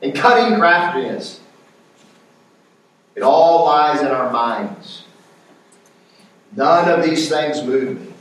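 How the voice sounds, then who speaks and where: A man's voice: on the high side, lively intonation, slow, long pauses, fairly bright tone. A male pastor from North Carolina with a Southern accent, preaching an emphatic sermon and calling for amens. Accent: Southern American. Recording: echoey room, mic from a distance.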